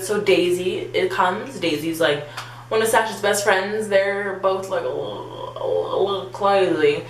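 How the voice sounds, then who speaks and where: Young woman vlogger, chatty storyteller who acts out every quote, slightly low voice, echoey room with a faint hum. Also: brisk. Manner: animated, acts out quotes, many "like" fillers. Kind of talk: storytime vlog.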